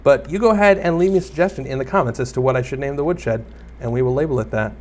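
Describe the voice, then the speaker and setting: Young guy rambling thru his gameplay, mid-pitch voice, kinda self-mocking, lil background hum. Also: quick pace, darkish tone. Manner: rambling, self-deprecating, talks to viewers and mobs. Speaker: gaming YouTuber. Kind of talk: casual Let's Play commentary.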